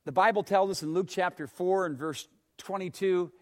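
A man preaching a sermon, swinging from hushed phrases to loud, emphatic ones and asking his listeners questions. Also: high-pitched, normal speed, few pauses.

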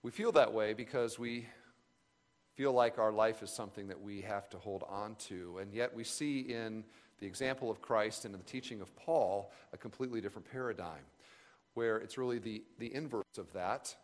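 A man giving an earnest, reflective sermon at a camp retreat, pausing and restarting as he speaks. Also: fairly low pitch. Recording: long reverb of a large hall.

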